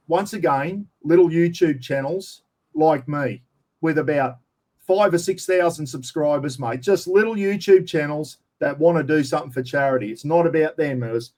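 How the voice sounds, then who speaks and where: An Australian man speaks as an interview guest, chatting casually and spinning long, rambling stories while saying "mate" constantly. His voice is fairly high in pitch with a somewhat dark tone.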